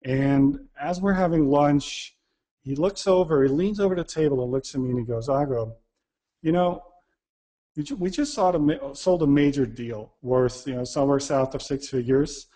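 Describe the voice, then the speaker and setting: Man, storytelling talk, self-deprecating, acts out dialogue, mid pitch. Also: moderate pace, mellow. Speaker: speaker.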